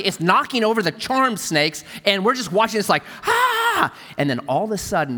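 A man preaching a sermon as a pastor, telling stories with animated energy and dropping to a hush for emphasis. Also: on the high side, in a large hall.

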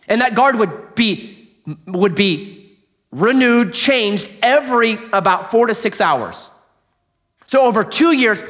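A male pastor delivers an animated sermon in a fairly high voice that rises and falls widely. He quizzes the congregation and sinks into a quiet hush when he drives a point home. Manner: animated storyteller, asks the audience questions, drops to a hush for emphasis.

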